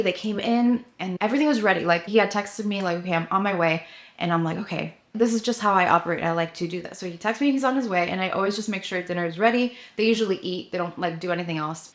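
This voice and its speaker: A woman in her thirties giving a casual motivational talk to camera, chatty and full of fillers, acting out her own inner voice. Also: lowish voice. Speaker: vlogger, coach for ambitious women.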